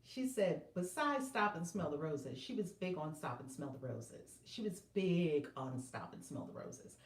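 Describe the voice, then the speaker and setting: A woman hosting a tarot video, chatting casually to her viewers and often breaking into loud laughter. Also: deep voice, measured pace, echoey room, recorded from a distance. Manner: animated, laughing loudly, exclaiming often. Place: room at home.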